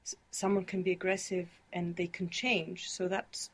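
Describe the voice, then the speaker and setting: A woman with a soft, breathy voice takes part in a language lesson. She repeats words and thinks through her answers, sounding a little tentative. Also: on the low side, flat delivery, normal speed. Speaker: language learner.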